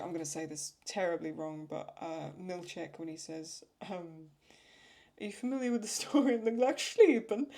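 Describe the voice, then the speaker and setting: A woman's voice: lowish voice, darkish tone. A woman hosting a casual question-and-answer chat, thinking aloud with restarts and laughing as she retells funny lines. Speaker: channel host answering viewer questions.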